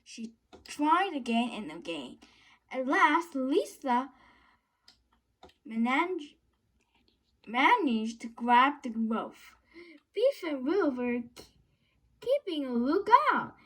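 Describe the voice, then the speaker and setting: A woman with a Korean accent reads a children's storybook aloud in a slow, careful way, tripping on words and going back to fix them. Her voice is high and moves up and down a lot, like someone reading to a child. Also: very animated, fairly bright tone, slightly rough. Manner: halting, stumbles and corrects words. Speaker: storybook reader.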